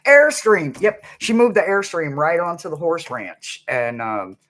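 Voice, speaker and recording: A man's voice: on the high side, sing-song, measured pace, a little hiss or hum. A man chatting casually to viewers on a livestream, rambling between stories and humming snippets of songs. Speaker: livestream host.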